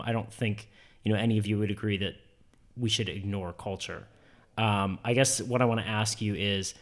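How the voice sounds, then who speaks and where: A man hosting a panel discussion, asking questions hesitantly with many ums and hedges. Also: on the low side. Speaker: host.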